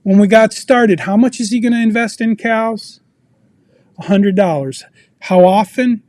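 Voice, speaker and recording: A man's voice: high-pitched, unhurried, a little mellow, no echo. A man presenting a personal finance lesson to a group, telling a story and quizzing the audience as he goes. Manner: asks the audience questions, storytelling. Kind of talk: interactive teaching talk. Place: video meeting.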